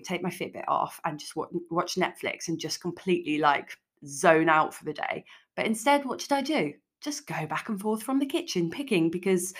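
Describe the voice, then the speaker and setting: A woman with a lowish voice talks through her solo podcast in a loose, chatty way. She is frank and sprinkles "like" all through her sentences. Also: a bit bright. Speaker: podcast host and food coach. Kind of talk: casual solo podcast talk.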